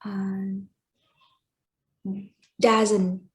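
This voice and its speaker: Very slow, hesitant Vietnamese-accented woman. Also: medium pitch, level tone, slight background noise, poor audio. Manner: hesitant, with long pauses. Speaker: student. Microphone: video call.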